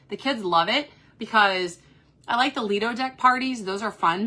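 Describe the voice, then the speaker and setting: A woman with a Kentucky accent, chatting upbeat and fast from a cruise ship cabin while reading viewer comments aloud on her phone. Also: medium pitch, bright, forceful tone. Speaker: cruise vlogger host. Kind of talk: casual live-stream chat.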